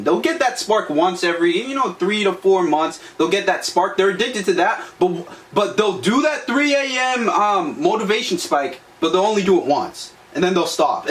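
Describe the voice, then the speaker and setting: A young man co-hosting a podcast, giving blunt, profane motivational talk. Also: sits high. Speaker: podcast co-host. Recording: echoey room, distant mic, faint noise.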